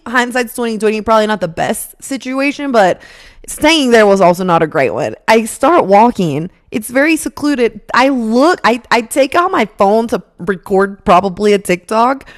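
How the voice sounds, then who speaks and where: A young woman in her twenties, a podcast host telling a personal story in a casual, animated way, laughing often and acting out what people said. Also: on the high side, dry recording, studio quality.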